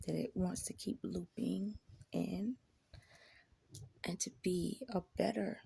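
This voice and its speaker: Woman talking real slow and blunt, swears a lot, gravelly low-key voice, dry sound. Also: dark tone, dry recording. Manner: blunt and profane, reflective. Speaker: vlogger. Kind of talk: candid monologue.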